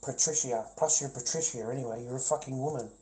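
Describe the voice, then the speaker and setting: A man's voice: fast, dark tone, slight background noise, low-quality recording. A man on a live stream, talking to his chat in a profane, confrontational way, calling everyone mate and brother. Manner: trails off into low mumbling. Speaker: livestreamer.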